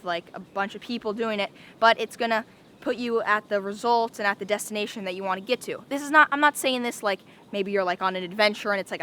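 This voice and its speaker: A woman's voice: medium pitch, bright, forceful tone. A young woman making a casual daily vlog, chatty and rambling, often repeating herself and saying "like". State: out of breath. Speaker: vlogger.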